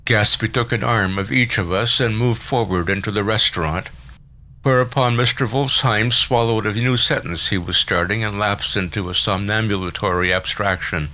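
A man reading a novel aloud as audiobook narrator, in a measured literary manner. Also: fairly low pitch, sharp tone, low-quality recording.

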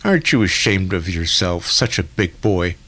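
A man reading the part of a stern female nurse, hushing and scolding in a low voice. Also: very animated, normal speed, dry recording, full character voice.

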